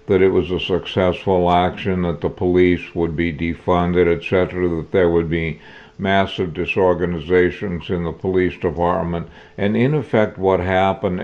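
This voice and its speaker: An older man with a very deep voice hosts a political talk show, sharing his opinions with folksy asides. The recording is dull and lo-fi.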